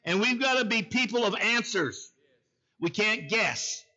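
A preacher tells a story from the pulpit in a folksy way, checking in with his listeners as he goes. His voice is bright and tense and sits a little high for a man. The recording is muffled and lo-fi. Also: lively intonation, a little slow. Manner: folksy, calls out to the congregation. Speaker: pastor. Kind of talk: sermon with storytelling.

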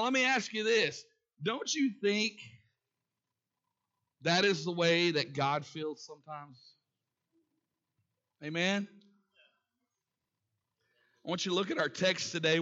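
A man's voice: high-pitched, slow pace, pauses often, sharp tone, muffled recording. A male pastor preaching a sermon, calling out questions to the congregation. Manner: calls out to the congregation with call-and-response questions.

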